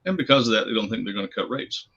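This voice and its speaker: A man with a low, husky voice talks markets in a relaxed, plainspoken manner. His audio comes through a video call and sounds dull and lo-fi, with the top end rolled off. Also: very fast. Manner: easygoing, plainspoken, mutters to himself. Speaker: guest trader on a video call. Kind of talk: casual trading chat.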